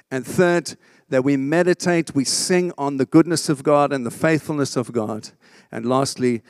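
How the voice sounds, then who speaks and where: A pastor with a fairly high-pitched male voice preaches an emphatic sermon, often asking the congregation for an amen and inviting their response. The audio is studio quality with no echo.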